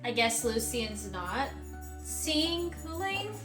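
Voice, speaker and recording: Young woman rambling about her book, lots of likes and restarts, kinda high voice, music playing under it. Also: big pitch swings, slow. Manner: chatty, rambling with many fillers and self-corrections. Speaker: book vlogger. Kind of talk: casual reading vlog chat.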